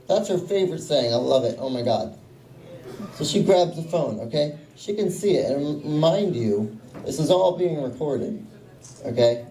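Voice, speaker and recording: Young male comic, deadpan, mellow voice, echoey distant room sound. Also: fairly high pitch, normal speed. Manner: deadpan, self-mocking storytelling. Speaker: stand-up comedian. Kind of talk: stand-up comedy set. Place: small comedy club.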